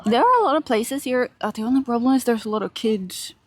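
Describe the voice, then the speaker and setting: Young finnish girl walking a park on stream, giggly, talks to chat, a bit high pitched. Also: animated, fast talker, slightly rough, no room sound. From Finland. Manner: chatty, giggly, reads and answers chat while walking. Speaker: IRL streamer. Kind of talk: casual live-stream chat. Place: large park outdoors.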